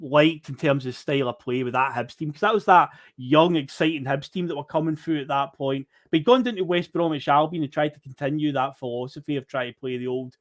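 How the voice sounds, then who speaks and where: Scottish podcast host, measured recaps. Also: male voice, a little high. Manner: measured, recaps events for listeners. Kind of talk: casual football chat.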